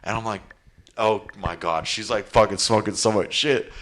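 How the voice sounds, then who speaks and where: A man casually telling a long profane story on a podcast, animated and blunt. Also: on the low side, moderate pace.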